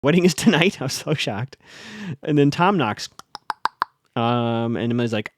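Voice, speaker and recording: A man with a middle-pitched voice talks through a TV episode on his solo podcast. His delivery is casual and animated, full of fillers, restarts and blunt asides. The sound is dry and close, with no room around it. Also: normal speed, no echo. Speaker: podcast host recapping a TV episode.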